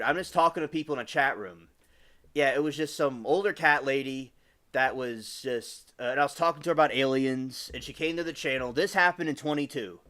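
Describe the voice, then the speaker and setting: A young man in his twenties with a slightly high voice, chatting loosely to his live-stream audience. He rambles, restarts his sentences and breaks off to greet viewers by name. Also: fairly bright tone. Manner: addresses chat viewers by name.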